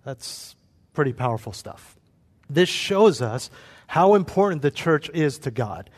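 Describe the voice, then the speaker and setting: A man's voice: fairly high pitch, animated, measured pace, big-room sound. A man preaching a sermon as pastor, acting out quoted voices along the way.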